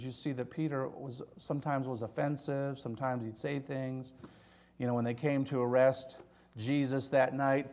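A man preaching a sermon to his church, telling stories and swinging from loud emphasis to hushed, quiet lines. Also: mid-range voice, vocal fry. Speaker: pastor.

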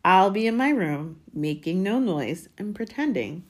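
A young boy, voiced by a woman narrator, answers in a flat, toneless way. It is a quiet, resigned storybook voice. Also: medium pitch, a little slow, pitched above the performer's own voice. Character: dull, dutiful young wizard boy.

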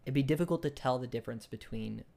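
A creaky, mid-range voice belongs to a young man co-hosting a casual podcast, talking fast as he loosely retells a book. Fillers and restarts crop up constantly, and he becomes excited while debating ideas.

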